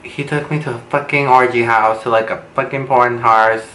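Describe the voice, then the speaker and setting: A man's voice: mid-range voice, fairly even intonation, moderate pace, pushed and bright. A young man telling a casual storytime in a dramatic, gossipy, profane way, recorded on a camera mic at home. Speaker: beauty vlogger. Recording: roomy with faint background noise.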